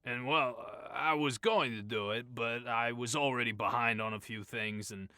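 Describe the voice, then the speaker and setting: A man voicing a gruff, officious, short and balding store manager with a rambling, wheedling manner in an audiobook. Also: medium pitch, steady tone, normal speed, bright, forceful tone, no room sound, clean studio sound, lightly acted. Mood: pleading, flustered. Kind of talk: audiobook character voice.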